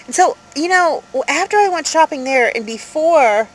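A woman in her fifties telling a story to camera in a casual vlog, rambling and animated, with many fillers, from inside her van. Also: sits high, moderate pace, a little hiss or hum, rough recording. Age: 50s. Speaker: vlogger.

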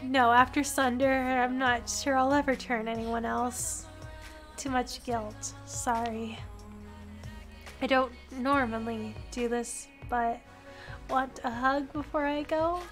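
A woman voicing a weary, guilt-ridden female vampire in a visual novel, speaking softly and apologetically. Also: sits high, steady tone, slow pace, faint music behind. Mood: subdued.

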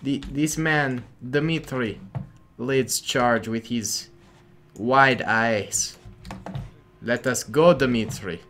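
A man voicing a hammy male Soviet commander in slow, broken English with a mock Russian accent that keeps slipping. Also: mid-range voice, fairly bright tone, a little hiss or hum. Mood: commanding.

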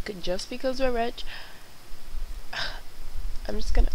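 A young woman chats her way through a game from her bedroom, rambling and apologizing between moments of exasperation. Her voice sits at a middle pitch and comes through a headset mic. A faint hiss of background noise runs under it. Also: takes it slowly, pauses often, low-quality recording. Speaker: gaming channel host. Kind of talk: casual let's-play commentary. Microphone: wireless headset.

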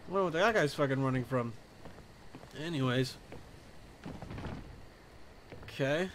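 A man doing let's play commentary, excitable and profane, talking to himself as he plays. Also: medium pitch, a little slow, a little hiss or hum. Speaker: gaming commentator.

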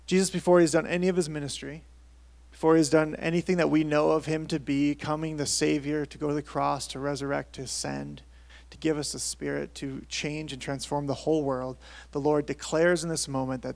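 A man's voice: fairly high pitch, steady tone, a little fast, creaky. A man in his thirties, a pastor with a tenor voice, preaching a sermon in a casual, conversational way at a church service.

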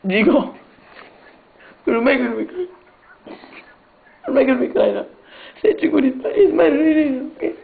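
A man's voice: extremely high pitch, expressive, quick pace, gravelly, few pauses, heavily acted. A man putting on a fussy immigrant father's voice, prank-calling with insistent, pleading broken English over the phone. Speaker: prank caller. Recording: tinny phone line with faint hiss.

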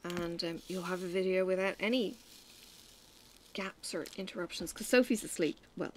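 Speaking at normal speed in a fairly low, slightly mellow voice, this Irish woman rambles through chatty stories full of fillers as she stitches for her crafting vlog. Her accent is Irish, and there's slight background noise.

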